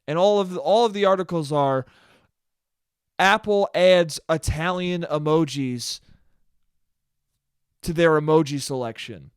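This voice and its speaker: A young man hosting his own podcast, ranting in a profane, animated way. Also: fairly high pitch, a little slow, long pauses, clear, resonant tone, no room sound, studio quality. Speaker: podcast host. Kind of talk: solo comedic podcast rant.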